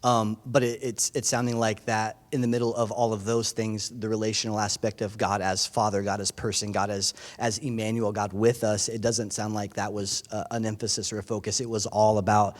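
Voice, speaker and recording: A man preaching in a relaxed, conversational way, then interviewing a guest on stage, often acting out voices from the stories. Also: on the low side, brisk, hardly any pauses. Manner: animated, conversational, acts out characters with bursts of loudness. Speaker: pastor. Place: church stage.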